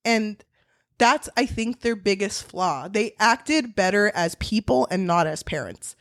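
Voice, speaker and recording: A woman co-hosting a casual book podcast, animated and swearing freely, breaking into laughter. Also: medium pitch, a little slow, dry recording, studio quality. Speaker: podcast co-host.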